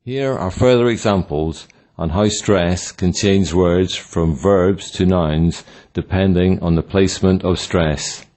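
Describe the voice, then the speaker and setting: A man reading a scripted language lesson in a slow, deliberate, instructional way. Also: sits low, darkish tone. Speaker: language teacher. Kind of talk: scripted narration.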